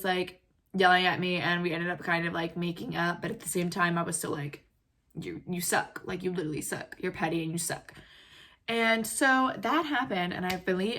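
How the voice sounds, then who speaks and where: Bright-voiced woman ranting a storytime. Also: medium pitch. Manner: animated, heated retelling with lots of "like" and quoted dialogue. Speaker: vlogger. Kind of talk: storytime rant.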